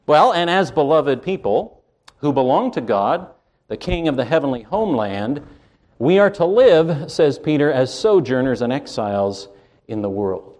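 A man from Canada preaching a sermon from the pulpit, slow and emphatic, with wide swings in pitch and loudness. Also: lively intonation. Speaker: pastor.

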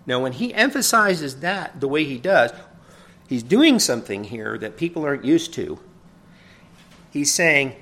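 A pastor delivering a sermon in a conversational teaching manner. He often asks "right?", rises loud for emphasis and then drops soft. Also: mid-range voice, sing-song, measured pace.

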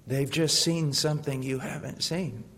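A man preaching a sermon with passion, asking rhetorical questions and swinging from hushed tones to loud ones. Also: a little high, fairly even intonation, normal speed, a little hiss or hum. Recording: long hall reverb.

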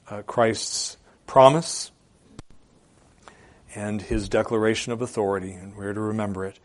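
A male pastor preaching a sermon, repeating phrases for emphasis and moving between loud declarations and quiet, hushed appeals. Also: on the low side. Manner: repeats phrases for emphasis with occasional filler hesitations.

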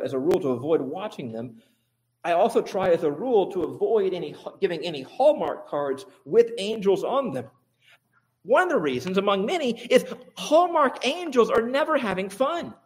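A man with a high, light voice preaching a sermon. He fires off rhetorical questions and lists, dropping low for asides and rising sharply for emphasis. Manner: animated, rhetorical questions, swings between quiet and emphatic. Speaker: pastor.

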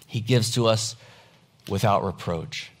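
A man's voice: fairly low pitch, a little slow. Earnest man preaching a sermon. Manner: earnest, emphatic, plain-spoken. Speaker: pastor. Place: church service.

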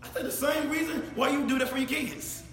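High bright-voiced man preaching. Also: fairly quick, a little hiss or hum. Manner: animated, addresses congregation directly, rises to shouts then drops low. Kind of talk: sermon. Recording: echoey hall with faint ambience.

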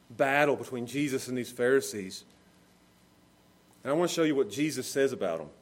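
A man preaching a sermon with emphatic delivery, rising and falling in volume, sometimes laughing at his own examples. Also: medium pitch. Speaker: pastor.

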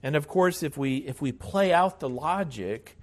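Slow, deliberate male pastor preaching. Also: fairly high pitch, expressive. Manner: measured, deliberate, frequent hesitations. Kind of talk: sermon.

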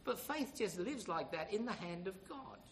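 A man's voice: high-pitched, lively intonation, normal speed, slight background noise, poor audio. A man preaching a sermon in an emphatic, storytelling way, with frequent rhetorical questions to the congregation.

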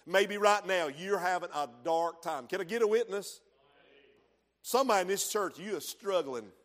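A man preaching a sermon in church, swinging from hushed tones to shouting. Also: sits high, moderate pace. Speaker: pastor.

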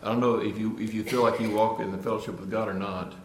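Speaking quickly in a lowish voice with fairly even intonation, a man preaches earnestly. He keeps repeating and restarting phrases before landing emphatic points, and the room echoes.

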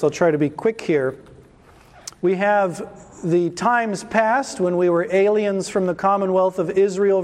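High-voiced preacher in an echoing hall. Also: male voice, a little mellow. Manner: emphatic, slows down to stress key words. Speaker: pastor. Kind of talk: sermon.

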